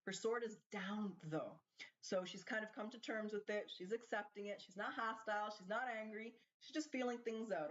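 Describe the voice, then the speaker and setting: A woman's voice: mid-range voice, moderate pace. A woman doing a casual tarot card reading, chatting and thinking aloud as she asks the cards questions. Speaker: tarot reader. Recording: slightly dull lo-fi sound.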